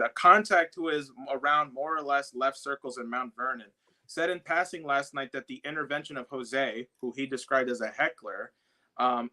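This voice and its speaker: Man, from the South Bronx, casual storytelling, bright tone, lots of fillers. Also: medium pitch. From South Bronx, New York. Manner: storytelling with many fillers and restarts. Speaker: guest, activist who confronted a congressman. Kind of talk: casual podcast chat.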